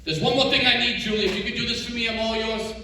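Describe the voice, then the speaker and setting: A man headlining a comedy show in a high school auditorium, telling rambling, self-mocking stories. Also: steady tone, fast talker, a little hiss or hum. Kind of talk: stand-up set. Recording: echoey auditorium from far off, loud crowd.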